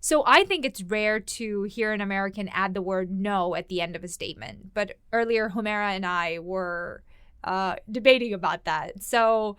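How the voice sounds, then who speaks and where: A woman's voice: medium pitch, normal speed, a bit bright, smooth, dry recording, clean studio sound. A woman hosting a podcast language lesson, conversational and thinking aloud as she explains grammar.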